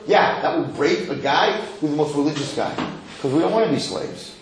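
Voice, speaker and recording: Animated rabbi in an echoey hall. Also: male voice, fairly high pitch, brisk. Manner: animated, acts out quotes, repeats words. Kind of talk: Torah lecture. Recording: echoey hall with faint noise.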